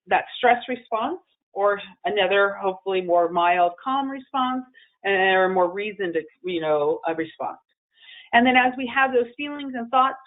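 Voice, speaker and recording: A woman giving a webinar presentation on emotional well-being in a conversational way, with fillers and restarts. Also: medium pitch. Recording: phone-line audio.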